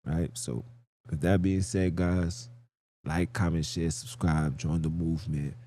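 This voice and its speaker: A man's voice: low-pitched, steady tone, measured pace, dark tone. A man hosting a livestream podcast, delivering an argumentative monologue full of slang and rhetorical questions. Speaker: podcast host.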